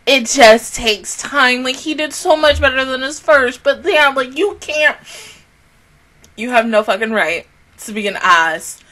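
A young woman reacting to an anime on her channel, ranting casually and animatedly, swearing freely and slipping into quick mocking voices of other people. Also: sits high, lively intonation, sharp tone.

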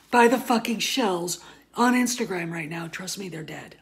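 A woman vlogger ranting in casual, profane commentary, dropping to murmurs and then flaring up loud. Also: medium pitch, animated, normal speed.

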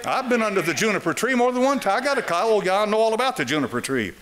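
A man's voice: high-pitched, very animated, fast, a bit bright. An older man preaching a sermon in church, firing rhetorical questions at the congregation. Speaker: pastor. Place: church sanctuary.

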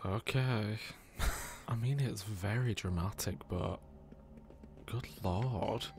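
A man's voice: fairly low pitch, slow pace, gravelly. A young man hosting a casual let's play, joking, sarcastic and laughing often between comments.

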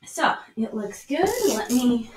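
A woman's voice: fairly high pitch, slow, darkish tone, a little hiss or hum. A woman dance instructor teaching a live-streamed lesson, counting steps aloud as she dances and a bit out of breath. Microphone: single mic while moving around.

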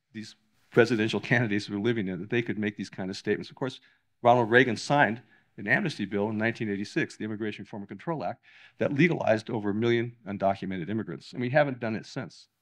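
An older man addresses an audience in a lecture hall. His voice sits in an ordinary male pitch range. He talks with animated emphasis, often stopping to restart a word or phrase. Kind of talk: public lecture.

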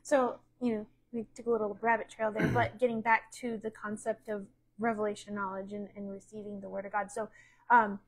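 A woman's voice: medium pitch, flat delivery, a little fast, rough recording. A middle-aged American woman pastor teaching a midweek sermon, reading passages aloud and explaining them with frequent restarts. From United States. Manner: reads aloud then explains with repeated restarts.

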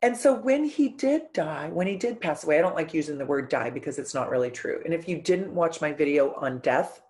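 A middle-aged woman hosting an astrology channel, talking casually to her viewers and telling stories in an earnest, emotional way with dramatic pauses. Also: sits low, animated, a little mellow. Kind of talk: casual talk to camera.

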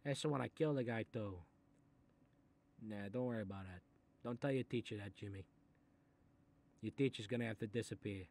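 A man voicing a short-tempered Italian-American mob boss who grumbles, swears and threatens, in a comedic animated role. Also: lowish voice, fairly quick, pauses often. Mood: gruff menacing. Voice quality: gravelly, threatening. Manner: grumbling asides, sudden angry outbursts, swearing. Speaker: mob boss reading a children's book.

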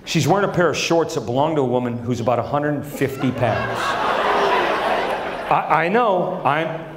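A middle-aged man performing a stand-up comedy set on a large theater stage, telling stories with lively energy and acting out his family's voices. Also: fairly high pitch, moderate pace, very noisy. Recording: echoey live theater with audience.

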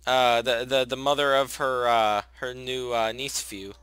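A man's voice: medium pitch, little pitch movement, measured pace, smooth, no echo, clean studio sound. A young man casually commenting on a life-sim game, chatting to his characters and gushing when something cute happens. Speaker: gaming channel host. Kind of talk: casual let's play commentary. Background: soft background music.

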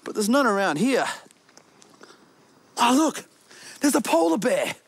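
A woman's voice: a little high, very animated, measured pace, creaky, slightly rough, no echo. A woman presenting a children's TV show, exploring playfully, giggling and singing as she talks to the viewers. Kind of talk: children's show narration with songs.

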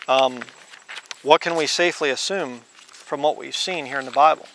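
Male preacher, slightly high voice, slow scripture reading with blunt asides. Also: fairly even intonation, creaky, a bit bright, slight background noise. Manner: reads scripture slowly, then blunt conversational asides. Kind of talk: informal Bible teaching.

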